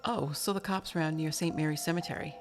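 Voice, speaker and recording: A woman's voice: sits low, fairly even intonation, fast, over music, natural voice. A woman doing a winded, joking dad. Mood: breezy. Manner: casual, slightly out of breath. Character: winded, good-humored middle-aged father.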